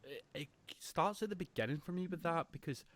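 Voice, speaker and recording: A man's voice: fairly high pitch, brisk, fairly bright tone. A young man co-hosting a podcast, talking animatedly about a film, laughing often and acting out quotes. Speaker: podcast co-host. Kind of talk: casual film discussion.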